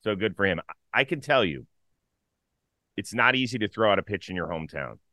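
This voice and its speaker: Lively, bright-voiced male sports host. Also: fairly low pitch, a little fast, no room sound. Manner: lively, upbeat. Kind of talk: casual sports talk.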